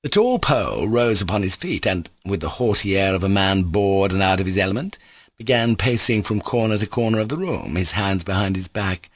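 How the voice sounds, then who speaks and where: A man reads a classic novel aloud in an audiobook, his voice low and richly varied in pitch. The recording is dry and close, with no room sound. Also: expressive, brisk, dry recording. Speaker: audiobook narrator. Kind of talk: scripted narration.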